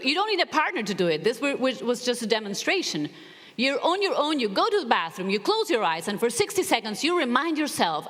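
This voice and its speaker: A woman motivational speaker giving a stage talk, telling stories with animated, emphatic repetition. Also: mid-range voice. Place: large theater stage. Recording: reverberant hall.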